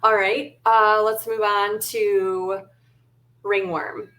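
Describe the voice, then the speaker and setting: A woman's voice: mid-range voice, little pitch movement, extremely slow, a bit bright. Chatty woman interviewer, hesitant. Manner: friendly, hesitant with many ums. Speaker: interviewer, store host. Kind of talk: conversational interview.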